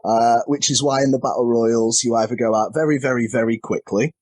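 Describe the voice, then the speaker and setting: A man's voice: medium pitch, steady tone, a little fast, a little mellow, no echo. A man talking casually as a podcast guest, candid and self-deprecating, laughing often, heard over a remote call. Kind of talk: casual chat.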